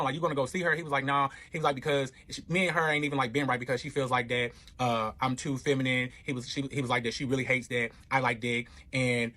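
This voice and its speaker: A man telling a personal story in casual, profanity-laced storytime fashion, animatedly acting out what everyone said. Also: medium pitch. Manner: animated, profane, acts out quotes. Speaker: storyteller recounting his relationship.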